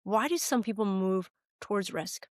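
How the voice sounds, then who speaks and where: A woman's voice: mid-range voice, expressive, normal speed, dry recording, studio quality. An American woman, a political candidate, telling a heartfelt personal story as a podcast guest, earnest and at times choked up. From United States.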